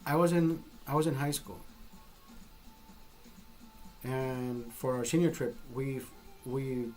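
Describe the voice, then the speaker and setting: A man from Honduras with a Honduran accent, telling a story casually and profanely, acting out what people said. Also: medium pitch. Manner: profane, animated storytelling with acted-out quotes. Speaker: podcast host.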